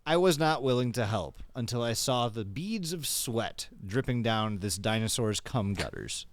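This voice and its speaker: A man's voice: mid-range voice, lively intonation, normal speed. A man co-hosting a casual podcast, joking and dictating a silly story to his friends. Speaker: podcast co-host. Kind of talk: casual chat.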